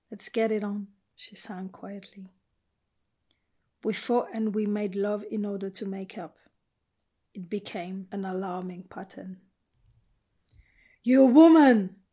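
Woman, audiobook narrator, first-person, measured and intimate. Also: mid-range voice, darkish tone, husky.

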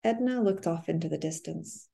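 A woman narrates an audiobook in the first person with a soft-spoken, measured delivery. Her voice sits low and mellow, with no edge to it. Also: creaky.

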